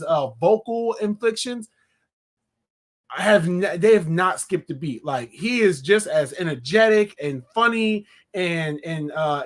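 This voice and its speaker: Give me a high-voiced man rambling through a casual movie review, full of fillers and restarts. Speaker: film reviewer.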